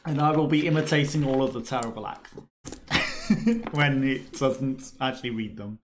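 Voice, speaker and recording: A man's voice: medium pitch, normal speed, noisy background. A man casually commenting while playing a video game, chatty and wry, laughing often as he reads items aloud. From United Kingdom. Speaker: let's play streamer.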